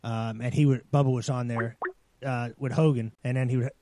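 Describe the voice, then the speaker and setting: A man's voice: medium pitch, steady tone, brisk, warm tone, no room sound. A man hosting a live talk radio show, rambling and laughing often.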